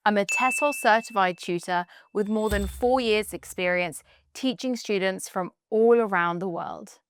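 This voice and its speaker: A British woman gives an online English lesson at an unhurried pace. Her voice is smooth and clear, and she stresses key words with upbeat teacher's energy. The sound is dry and close, with no room echo. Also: mid-range voice, a bit bright. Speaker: English tutor.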